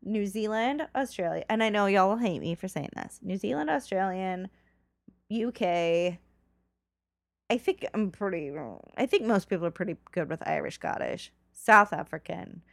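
A woman's voice: medium pitch, animated, moderate pace, vocal fry, dry recording. A woman from California, co-hosting a podcast in casual, giggly chat that trails off with fillers. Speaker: podcast co-host.

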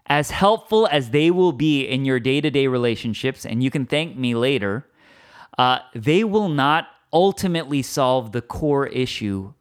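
A man preaching a sermon as pastor, conversational, checking in with "okay?" and "right?" and acting out quoted arguments. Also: mid-range voice. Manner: conversational, asks "okay?" and "right?" often, acts out quoted spouses.

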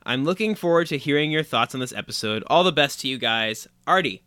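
A man's voice: mid-range voice, expressive, fairly quick, sharp tone, no room sound. A man co-hosting a podcast in casual chat, reading listener emails aloud and laughing often.

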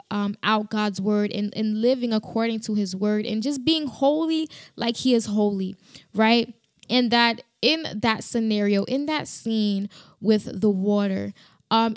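A woman's voice: medium pitch, dry recording, clean studio sound. A woman hosting a faith podcast, giving a fervent, emphatic devotional talk with frequent restarts.

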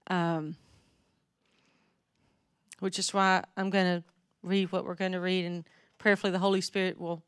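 A woman from North Mississippi with a Southern accent, giving a casual sermon as a guest speaker, speaking slowly and deliberately with frequent ums. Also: on the low side, smooth. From North Mississippi, USA.

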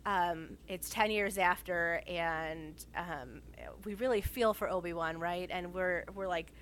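A woman's voice: on the low side, fairly even intonation, measured pace, a bit bright, a little hiss or hum. A woman talking in a casual chat. She is enthusiastic and rambling, with lots of fillers and restarts as she builds her thoughts.

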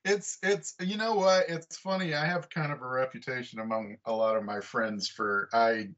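A man's voice: medium pitch, fairly bright tone. Forties guy on a podcast, kinda awkward, stumbles over words, chuckles, muffled call audio. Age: 40s. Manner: halting, self-deprecating, repeats words and chuckles. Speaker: guest comic artist. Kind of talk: casual interview chat. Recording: dull lo-fi remote call audio.

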